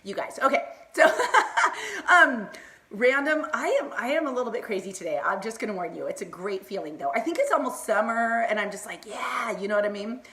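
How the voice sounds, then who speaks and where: A woman's voice: medium pitch, expressive, fast, sharp tone. A middle-aged woman chatting on a live stream, bubbly and rambling, laughing often and talking to her viewers by name. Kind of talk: casual Facebook Live chat.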